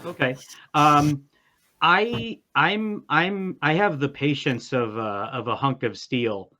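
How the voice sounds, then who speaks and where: A man's voice: fairly high pitch, takes it slowly, pushed and bright, a little hiss or hum. A man playing a tabletop game, talking casually and hesitantly, with stops and restarts. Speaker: player. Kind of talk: casual play talk.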